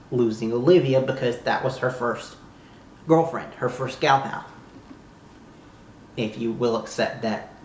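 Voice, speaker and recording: Recorded in an echoey room with a little hiss or hum, this mid-range voice belongs to a young Southern American man doing a casual YouTube review. He gushes and exclaims like a thrilled fan, swearing freely.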